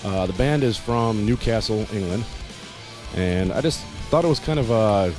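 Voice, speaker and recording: A man's voice: fairly low pitch, animated, normal speed, over music. A man co-hosting a podcast in casual chat, blunt and opinionated, with plenty of cussing. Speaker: podcast co-host.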